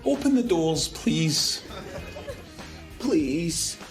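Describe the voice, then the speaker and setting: An actor playing a frustrated Scottish man trapped in a voice-controlled elevator, exasperated and shouting in bursts. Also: fairly high pitch, very animated, extremely slow, crowd noise, exaggerated voice. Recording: roomy sketch with music and audience laughter.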